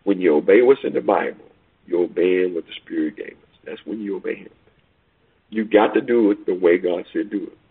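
A man preaching a sermon over a call, emphatic, swinging between loud peaks and quiet asides. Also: low-pitched, a little fast, vocal fry, husky. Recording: tinny phone line.

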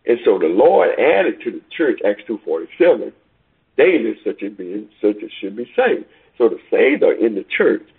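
Gravelly preacher man on a phone line. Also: medium pitch, big pitch swings, moderate pace. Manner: emphatic, swings between loud peaks and quiet asides. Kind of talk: sermon over a phone call.

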